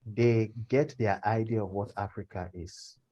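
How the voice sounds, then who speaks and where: A man hosting an interview and speaking in measured, deliberate phrases. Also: fairly low pitch, steady tone, dull audio. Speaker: interview host. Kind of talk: casual conversation.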